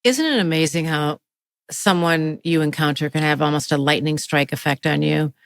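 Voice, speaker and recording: A woman hosts a podcast interview. Her voice sits very low. She asks her questions in a measured, thoughtful way, and the recording is close and dry with no room sound. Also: gravelly, no room sound. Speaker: podcast host.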